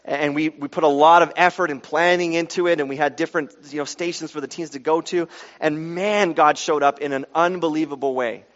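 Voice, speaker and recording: A male pastor preaching a sermon, moving from quiet reflection to loud, emphatic pleading. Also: on the high side, steady tone, brisk. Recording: dull sound in a reverberant hall.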